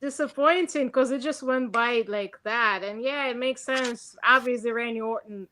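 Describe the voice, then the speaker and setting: A woman's voice: fairly high pitch, normal speed, bright, forceful tone, slight background noise. A woman in a casual podcast chat, talking bluntly and swearing freely. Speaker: podcast co-host.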